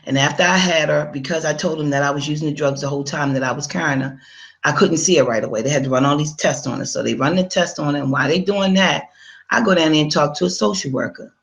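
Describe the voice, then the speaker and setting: A woman's voice: low voice, quick pace, creaky. A woman giving a personal testimony in a conversational storytelling manner, speaking straight to her listeners and acting out her own past dialogue.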